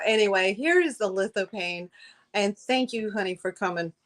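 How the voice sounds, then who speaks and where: A woman's voice: mid-range voice, expressive, moderate pace, fairly bright tone. A middle-aged woman hosting a live-stream sale, chatting effusively with viewers, with many fillers and restarts. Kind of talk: live-stream selling chat.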